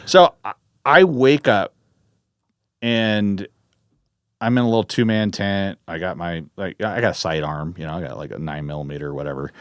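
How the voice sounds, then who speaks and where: Low-voiced man telling a wild story. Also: normal speed, no echo, studio quality. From Northern California. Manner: animated, profane, full of restarts. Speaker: podcast guest. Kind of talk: casual storytelling in conversation.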